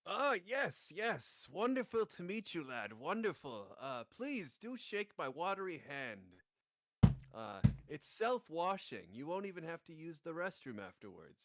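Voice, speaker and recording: A man's voice: fairly high pitch, very animated, unhurried, fairly bright tone. A man doing a genteel beaked water creature. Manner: courtly and overly polite.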